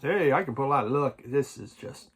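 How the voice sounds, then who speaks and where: A man chatting casually about his record collection at home, halting and restarting often and chuckling now and then. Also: mid-range voice, lively intonation, fairly bright tone, breathy edge. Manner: halting, many restarts and repeated words. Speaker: vinyl record collecting vlogger. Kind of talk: casual rambling chat.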